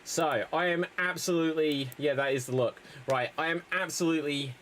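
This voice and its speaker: A man's voice: a little high, normal speed, fairly bright tone, a little hiss or hum. A man hosting an improv comedy show, rambling and mocking himself.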